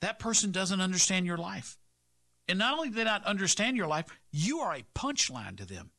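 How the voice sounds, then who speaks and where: A man's voice: sits high, big pitch swings, fairly quick, bright, forceful tone. A man hosting a talk radio show, delivering an impassioned, sarcastic monologue full of rhetorical questions.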